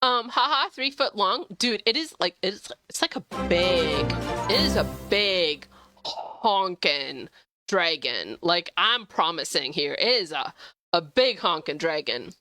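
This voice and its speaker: Bubbly, bright-voiced young woman. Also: slow pace, soft background music. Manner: bubbly, gushing, swings high when excited. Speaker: streamer. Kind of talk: casual gameplay stream chat.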